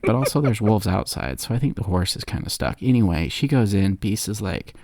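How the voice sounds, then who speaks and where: A man's voice: lowish voice, big pitch swings, brisk, darkish tone, no echo, clean studio sound. A man on a podcast giving a rambling, sarcastic comedic recap of a movie. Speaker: podcast co-host.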